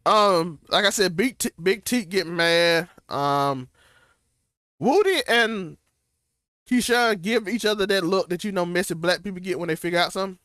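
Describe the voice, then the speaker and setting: A man's voice: high voice, moderate pace, pushed and bright, no echo, clean studio sound. A young man, co-hosting a casual TV recap chat, talking loosely with slang and restarts. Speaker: co-host of a TV recap show.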